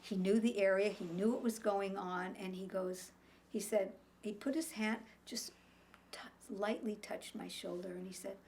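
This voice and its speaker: A woman who survived a wildfire, quietly recounting what happened with halting pauses. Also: mid-range voice, steady tone, creaky, slight background noise. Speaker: fire survivor interviewee. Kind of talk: personal storytelling.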